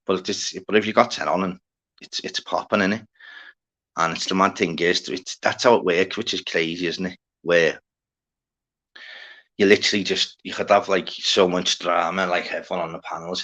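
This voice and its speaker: A livestream host with a deep, bright, forceful voice chats casually and rambles to his viewers. He greets people in the chat using plenty of slang and swearing.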